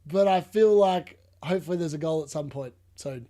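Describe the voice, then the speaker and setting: A high-voiced Australian man hosting a live football watchalong. He chats, laughs a lot and jumps to an excited shout whenever a chance comes. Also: fairly quick. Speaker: fantasy football watchalong host. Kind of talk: live watchalong commentary and chat replies.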